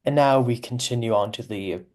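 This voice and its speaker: A man's voice: mid-range voice, brisk, darkish tone. Amused man chatting through commentary. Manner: chatty and amused, laughs often, aside-heavy explaining. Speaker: author giving commentary on his own serialized story. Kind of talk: casual commentary.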